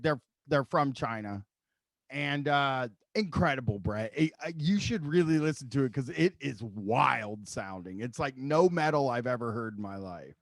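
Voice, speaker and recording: A man's voice: fairly high pitch, dry recording. A man hosting a podcast in casual chat, rambling and swearing with amusement. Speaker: podcast host.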